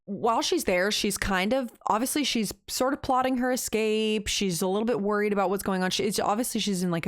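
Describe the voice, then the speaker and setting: A woman's voice: mid-range voice, no room sound, clean studio sound. A woman co-hosting a podcast, recapping a book in a casual, chatty way and acting out the characters' lines as she goes. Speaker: podcast co-host.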